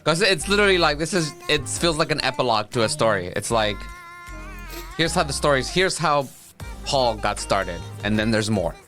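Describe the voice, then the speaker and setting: A book club participant reacting eagerly to finishing a novel, with halting restarts. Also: medium pitch, very animated, a bit bright, faint music behind. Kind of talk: casual book discussion.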